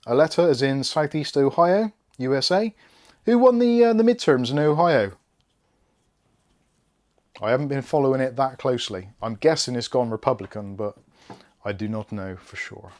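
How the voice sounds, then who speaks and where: A man's voice: mid-range voice, animated, normal speed, pauses often, darkish tone. A man hosting a live PC build stream, chatting casually and reading out viewer comments while he works. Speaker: tech channel host.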